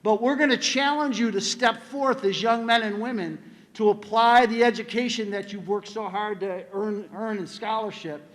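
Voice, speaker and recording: An older man addresses students at an induction ceremony, with a fairly high voice. His speech rings with the long reverb of a big hall. He tells stories in an unhurried, encouraging way. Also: fairly even intonation. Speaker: school administrator giving a speech.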